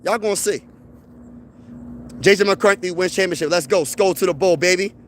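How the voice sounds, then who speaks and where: A man's voice: sits high, moderate pace, a little hiss or hum. A man hosting a sports fan live stream, talking in a boastful, hyped-up trash-talk manner.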